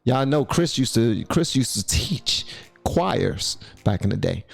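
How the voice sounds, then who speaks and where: A man's voice: medium pitch, very animated, takes it slowly, creaky, faint music behind. A man hosting a reaction video, chatting casually and playfully, sometimes slipping into a rhyming preacher cadence.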